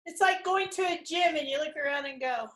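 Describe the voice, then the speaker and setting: A woman's voice: high voice, brisk, a bit bright. A middle-aged woman hosting a casual spiritual interview, effusive and openly emotional. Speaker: host.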